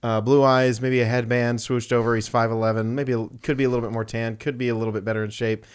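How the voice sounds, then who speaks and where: A young man co-hosting a casual podcast, with a smooth, clear voice. He jokes constantly, laughs a lot and spins silly hypothetical scenarios. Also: medium pitch, little pitch movement, quick pace. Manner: joking, laughs often, riffs on made-up scenarios. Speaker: podcast co-host. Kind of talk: casual chat.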